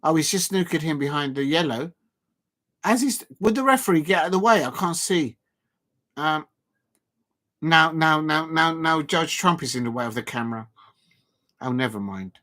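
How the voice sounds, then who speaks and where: Chatty live-stream host, higher-pitched man. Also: bright, forceful tone. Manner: chatty and rambling, self-deprecating, with frequent filler pauses. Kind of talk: casual live snooker commentary.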